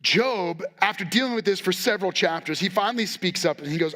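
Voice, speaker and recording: A man's voice: high-pitched, fairly quick, a bit bright. A male pastor giving a sermon in a conversational, candid way, acting out the quotes he reads. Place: church.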